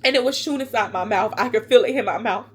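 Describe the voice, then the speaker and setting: A woman vlogger telling a personal story to her viewers in a casual, animated, emotional way. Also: fairly high pitch, quick pace, slightly rough. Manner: animated, colloquial, emotional retelling.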